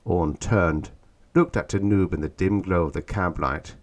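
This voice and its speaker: A man reading a science fiction audiobook in a calm, measured voice. His voice sits fairly low and stays even as he tells the story. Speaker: audiobook narrator. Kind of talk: scripted narration.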